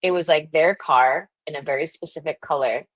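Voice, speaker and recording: Chatting on her livestream, a young woman relates a story in a low voice, speaking slightly fast with no echo. She's giggly, laughing often and leaning heavily on "like."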